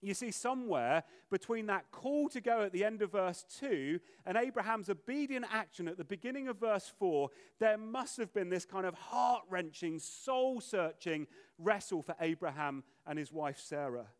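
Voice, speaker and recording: Animated high-voiced preacher. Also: male voice. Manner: animated, acts out voices of biblical figures. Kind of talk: sermon.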